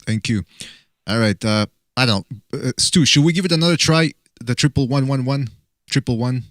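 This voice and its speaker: A man's voice: mid-range voice, moderate pace, fairly bright tone, no echo, studio quality. A man hosting a call-in boxing podcast, taking callers in an easygoing, profane way, his speech a little mushy. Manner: laid-back, profane, easygoing. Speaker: podcast host taking calls. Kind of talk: casual call-in show banter.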